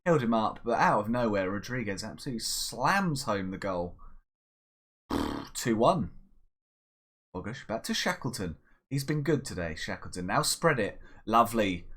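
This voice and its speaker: A man's voice: on the low side, moderate pace. Chatty man commenting on his game. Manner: chatty, bursts into excited shouts at goals. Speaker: gaming channel host. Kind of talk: casual Let's Play commentary.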